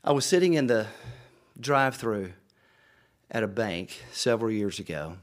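A man's voice: lowish voice, expressive, normal speed. A middle-aged man, a pastor, preaching earnestly to fellow pastors in a conversational storytelling way, often repeating words.

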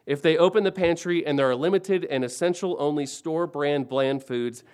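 Pastor, man in his forties, fairly high voice, preaches in repeated rising phrases. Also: normal speed, clean tone. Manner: preaching with wide swings between soft and emphatic, repeating phrases. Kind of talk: sermon.

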